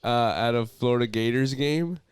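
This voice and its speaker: A young man co-hosting a podcast, tossing out crude jokes in casual back-and-forth. His voice is smooth and resonant at a middle pitch. Recorded close on a mic, dry with no room sound. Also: moderate pace, no room sound. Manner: crude joking banter. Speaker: podcast co-host. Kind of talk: casual chat.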